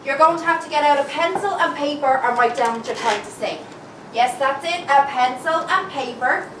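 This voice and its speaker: Brief: actress as a fussing Irish woman, fairly high voice, distant in an echoey noisy hall. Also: moderate pace, a bit bright. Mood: fretful. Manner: fussing, talking to herself. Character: fretful woman preparing a wake. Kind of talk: amateur stage comedy acting.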